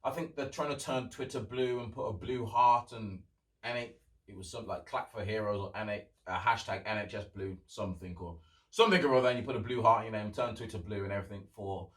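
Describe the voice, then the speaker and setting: A man's voice: lowish voice, fast, fairly bright tone, recorded from a distance, low-quality recording. A young man hosting a solo podcast, rambling in casual chat, sarcastic and swearing as he rants. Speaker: podcast host.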